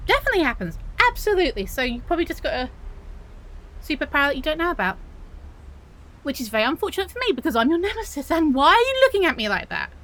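A woman's voice: sits high, sing-song, fast, fairly bright tone, low-quality recording. A woman playing a flustered otter-girl supervillain. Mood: flustered denial. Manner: indignant, flustered, protests too much and stumbles over words. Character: touchy young female otter-girl supervillain, flustered and defensive. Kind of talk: audio role-play monologue to the listener.

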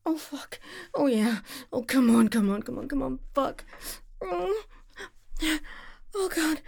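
British woman, intimate audio role-play, high voice, breathy whispers, slow delivery. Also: expressive, a little mellow. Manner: breathy, moaning, often dropping to a whisper. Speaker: audio performer.

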